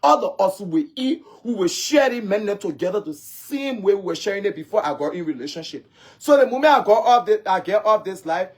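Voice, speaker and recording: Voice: medium pitch, lively intonation, fairly quick, breathy edge. Livestream host, Liberian English accent, confrontational, repetitive rant, phone mic. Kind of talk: ranting livestream monologue.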